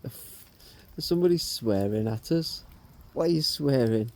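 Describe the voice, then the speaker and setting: A middle-aged man on a ghost hunt, calling out slowly and coaxingly to spirits and asking their names. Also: medium pitch, animated, darkish tone. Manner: slow, coaxing questions to spirits. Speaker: paranormal investigator.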